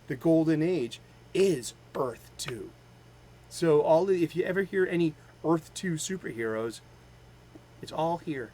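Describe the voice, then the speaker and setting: A man with a Boston accent talks casually and eagerly, stopping and restarting his thoughts with plenty of fillers. His voice sits a bit high for a man, and there is a faint hum of ambience behind him. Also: lively intonation, dark tone, low-quality recording. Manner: rambling, halting, with many fillers; enthusiastic fan. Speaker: host of a daily comics show. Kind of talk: casual chat.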